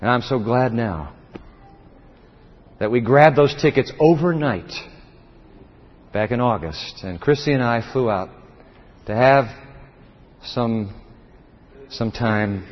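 Middle-aged preacher in a reverberant hall. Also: male voice, fairly low pitch, expressive, slow pace, long pauses. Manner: impassioned preaching, with frequent word repeats and restarts. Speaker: pastor. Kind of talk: sermon. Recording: reverberant, dull lo-fi sound.

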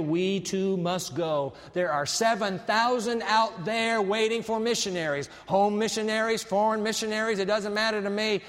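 A man preaching a sermon dramatically, with much rhetorical repetition. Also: high-pitched. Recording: long hall reverb.

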